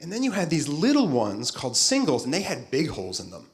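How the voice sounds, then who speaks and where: Middle-aged male keynote speaker, futurist, animated and playful, lively pitch. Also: a little fast. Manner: lively, playful, talks straight to the audience. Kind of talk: conference keynote speech.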